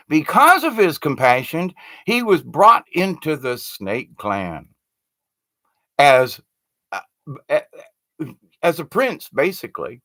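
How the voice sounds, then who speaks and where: A man's voice: on the high side, sharp tone, no room sound. A man telling a spiritual story in a loose, conversational way, often restarting his sentences. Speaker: spiritual teacher. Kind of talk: spoken storytelling talk.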